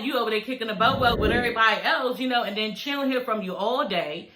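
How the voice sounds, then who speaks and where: A woman giving a casual, animated recap of a reality show, talking in slang, swearing freely and acting out the quoted lines. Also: a little high, fast, few pauses, echoey room, background noise.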